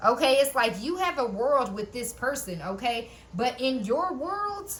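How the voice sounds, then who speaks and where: A woman's voice: high voice, animated, a little slow, a bit bright. Chatty woman doing a tarot reading. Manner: repeats "okay?" often, laughs, swears casually. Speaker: tarot reader. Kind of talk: casual spiritual reading.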